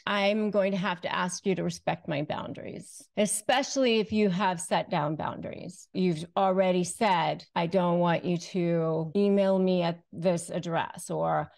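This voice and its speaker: Calm, deliberate woman with a gravelly voice. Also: on the low side. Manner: calm, deliberate, often slows to stress phrases. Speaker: host, negotiation and relationship coach. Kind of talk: direct-to-camera advice lesson.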